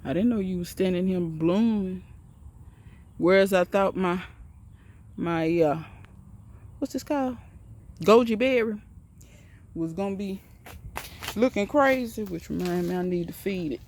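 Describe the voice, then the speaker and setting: Here a woman holds her phone as she tours her backyard garden and greenhouse, talking casually and straight to her audience in a homey, wandering way. Her lowish, slightly mellow voice moves at a moderate pace, broken by long pauses.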